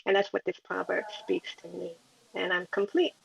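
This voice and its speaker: A woman's voice: lowish voice, little pitch movement, normal speed, gravelly, a little hiss or hum. A woman in a group discussion, speaking in a reflective, motivational way. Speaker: panel participant. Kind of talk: casual discussion on an audio chat room. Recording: dull, lo-fi audio.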